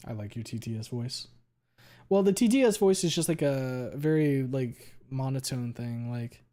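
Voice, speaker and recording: Male streamer, casual chat, medium pitch, quick speech, words rolling together, loose profanity. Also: lively intonation, dark tone. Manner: quick, words run together, frequent swearing and fillers. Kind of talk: casual chat reading viewer messages.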